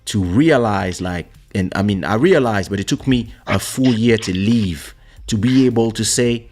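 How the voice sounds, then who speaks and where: Speaking at a normal speed in a lowish voice, this man hosts a podcast and shares a personal story in a casual way. He's a musician too, an animated storyteller who performs the quoted voices, recorded through a studio podcast microphone.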